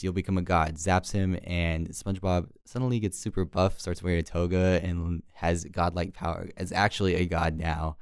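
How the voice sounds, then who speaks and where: A man retells a cartoon episode for his co-host in a loose, rambling way. His voice is very low and smooth, recorded close and dry. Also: no echo. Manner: rambling, filler-heavy storytelling. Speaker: podcast co-host. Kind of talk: casual episode recap.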